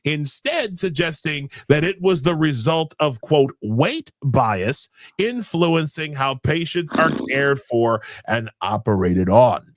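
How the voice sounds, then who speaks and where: A man's voice: a little high, lively intonation, slow, dry recording. Sarcastic, swearing man host. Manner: profane, sarcastic, stammering restarts. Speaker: podcast host. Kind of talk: casual podcast chat, reading documents aloud.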